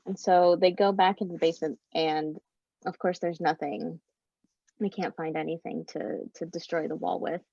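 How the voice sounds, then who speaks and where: A woman improvises a spooky story for a panel, casual and lively. Her voice is slightly low and gravelly. The recording is dull and lo-fi. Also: normal speed, no echo. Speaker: convention panelist.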